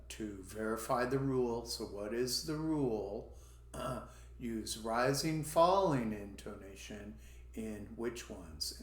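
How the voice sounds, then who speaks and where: A man with a fairly low, reverberant voice teaches an English class in an online language lesson. He demonstrates question intonation by swooping his voice up and down.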